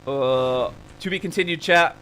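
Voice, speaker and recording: A man streamer telling a long anecdote to his chat, animated and casually swearing as he rambles. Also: a little high, measured pace, slight background noise.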